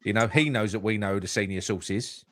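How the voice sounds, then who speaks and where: A man's voice: on the low side, fast, crowd noise. A man, co-hosting a fan talk show, outspoken and swearing freely, often stumbling and restarting. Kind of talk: heated casual banter.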